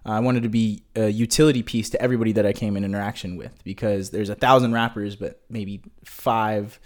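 A man's voice: fairly low pitch, fairly even intonation, fairly quick. A young man talking casually as an interview guest, laid-back and slangy, with lots of "like" fillers. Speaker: guest, marketing business owner.

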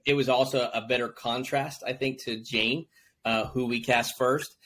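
A man hosting a behind-the-scenes podcast chat, upbeat and teasing, laughing easily between questions. His voice sits at an ordinary middle pitch and he talks in a loose, friendly way. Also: steady tone, moderate pace, a bit bright. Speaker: podcast host. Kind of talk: casual interview chat.

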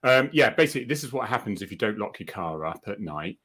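A man's voice: on the low side, expressive, fast talker, a bit bright. A man co-hosting a live online chat in a joking, chatty way, easily flustered by technical trouble. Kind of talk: casual live-stream chat.

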